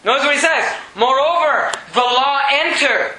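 A man preaching a sermon, reading scripture slowly and swinging from raised, emphatic lines to low, quiet ones. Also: lively intonation, roomy sound, slight background noise, poor audio.

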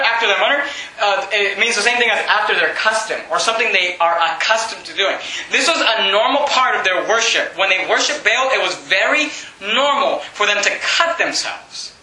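A man preaching a sermon, reading scripture and mocking false worship with shouted impressions and laughs. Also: sits high, roomy sound, low-quality recording. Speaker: pastor.

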